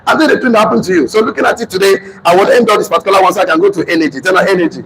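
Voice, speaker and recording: Loud, fast Nigerian motivational speaker man. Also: sits high, gravelly, a loud crowd. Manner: emphatic, often shouting, repeats lines for the audience. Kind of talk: loud motivational seminar talk. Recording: noisy room recording.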